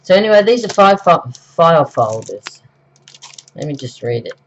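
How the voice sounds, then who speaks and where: A woman's voice: sits low, very animated, moderate pace. A middle-aged Australian woman with the flu, chatting casually through a craft tutorial at home, rambling with lots of ums and self-corrections. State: recovering from flu. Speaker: craft vlogger. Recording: dull, lo-fi home recording.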